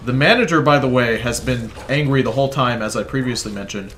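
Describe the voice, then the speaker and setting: He's a fast talker with a medium-pitched, fairly bright voice. This gaming video creator rambles through a profane story as he plays, constantly breaking off to comment on the game in casual storytelling over gameplay.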